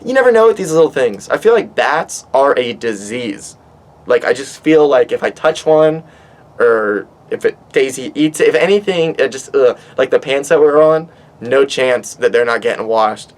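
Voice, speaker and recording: A man's voice: medium pitch, moderate pace. Swearing, rambling man telling a story outdoors. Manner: animated, swears a lot, rambling with restarts. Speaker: vlogger. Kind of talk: casual storytelling monologue. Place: outdoors on a back porch by water.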